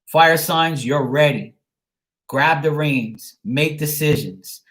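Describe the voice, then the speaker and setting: Guy doing a tarot reading live, blunt and chatty, kinda high voice, says hi to viewers. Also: takes it slowly, fairly bright tone. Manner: frank, chatty, greets viewers by name. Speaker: tarot card reader. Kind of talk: live-streamed casual card reading.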